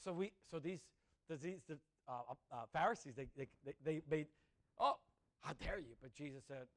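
A man's voice: a little high, a little fast. A man preaching a sermon in a conversational way, asking the congregation questions and laughing at his own jokes.

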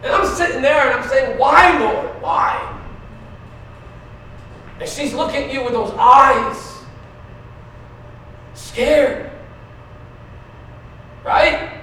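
A man preaching a conversational sermon, going from quiet to loud, asking the congregation questions and laughing often. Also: very high-pitched, takes it slowly, pauses often, slight background noise. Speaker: pastor. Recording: very echoey room, mic at a distance.

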